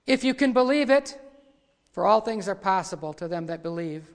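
A man preaching a sermon, retelling the story dramatically and voicing the quoted lines louder. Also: sits high, lively intonation, moderate pace. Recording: long hall reverb.

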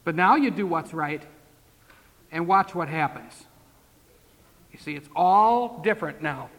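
Preacher guy, kinda high voice, lots of questions to the crowd, long echo in the room. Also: animated, measured pace, pauses often, bright, forceful tone. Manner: conversational preaching, rhetorical questions, folksy asides. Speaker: pastor. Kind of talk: sermon. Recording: long hall reverb.

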